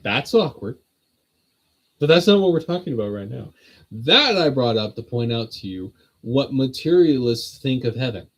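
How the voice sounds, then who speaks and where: Host, man, casual religious teaching at home, sardonic jokes, middle pitch. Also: lively intonation, normal speed, fairly bright tone, poor audio. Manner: joking, sardonic asides. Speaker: host of a Bible teaching channel.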